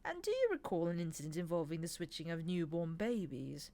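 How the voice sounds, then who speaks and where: Snappish, sly male demon in a storybook reading, a woman doing the voice, a touch louder than her narration. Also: fairly low pitch, big pitch swings, brisk. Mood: sardonic. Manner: snappish, sardonic. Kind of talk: audiobook reading.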